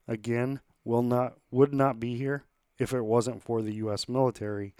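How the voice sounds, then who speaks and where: Host: man, upbeat podcast reads, smooth clear voice, dry sound. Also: medium pitch, mellow, no room sound. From United States. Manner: upbeat, rallying, plainspoken with fillers. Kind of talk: sponsor reads and casual interview.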